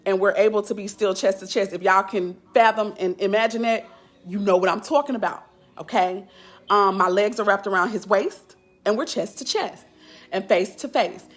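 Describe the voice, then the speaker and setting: A woman's voice: mid-range voice, normal speed. A woman life coach chatting casually on a live stream, candid and blunt in loose, slangy talk.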